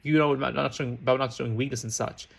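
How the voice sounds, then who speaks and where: A man's voice: mid-range voice, fairly even intonation, very fast, vocal fry. A man voicing an earnest, polite young boy wizard in a fan fiction audiobook.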